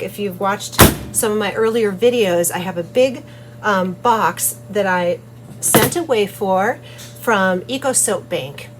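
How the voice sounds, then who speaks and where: A woman with an ordinary pitch chats in a relaxed, cheerful way as she works, often breaking into giggles. She hosts her own soap-making channel from her home studio. A faint noise sits under her voice. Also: rough recording. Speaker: soap maker and channel host. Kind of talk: casual chat while making soap.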